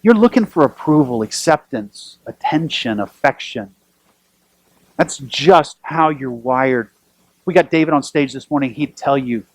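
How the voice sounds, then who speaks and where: A man preaching a sermon as pastor, telling lively stories with self-deprecating humor. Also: medium pitch, a little slow, no room sound, rough recording.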